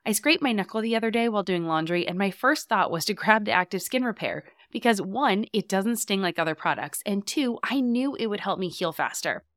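A woman's voice: medium pitch, animated, brisk, few pauses, fairly bright tone, dry recording. Brief woman host, friendly upbeat ad read, dry close mic. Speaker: podcast host.

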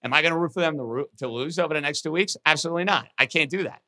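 A man's voice: a little high, racing, pushed and bright. A man guest talking sports in casual banter, needling his host in a teasing way.

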